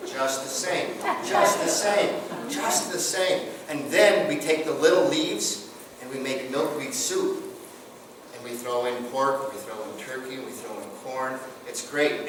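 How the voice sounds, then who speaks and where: A man presents to a live audience, telling stories and asking the listeners questions in a folksy manner. He is far from the mic in a very echoey room, and steady noise runs behind his voice. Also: medium pitch. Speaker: guest presenter on tribal culture. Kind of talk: storytelling talk to a group.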